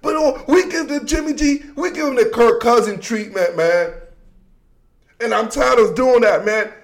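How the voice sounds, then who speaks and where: A man hosting a casual football commentary show, talking in an animated, slangy, joking way that swings between shouts and mutters. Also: very high-pitched, moderate pace.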